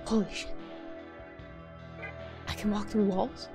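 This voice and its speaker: A young adult woman giving casual, excitable, sweary gameplay commentary as a streamer. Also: medium pitch, takes it slowly, music in the background. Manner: excitable and sweary, laughing often and switching between voices. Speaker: gaming streamer.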